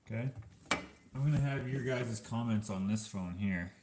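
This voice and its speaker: This Canadian vlogger rambles casually to his live chat while cooking in his home kitchen, with clattering noise all around. His voice sits fairly low and moves at a moderate pace.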